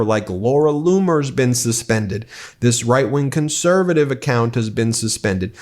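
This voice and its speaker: A man in the middle of the usual pitch range gives loose, conversational political commentary. He talks straight to his viewers and slips in quoted posts as he goes. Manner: conversational, reads quotes aloud with some emphasis.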